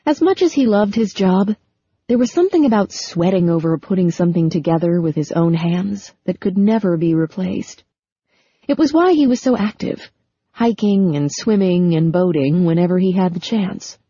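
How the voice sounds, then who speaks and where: A woman narrating a novel in a measured storytelling manner. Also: fairly low pitch, animated, dark tone, slightly rough, dry recording. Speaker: audiobook narrator. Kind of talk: scripted narration. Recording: dull lo-fi sound.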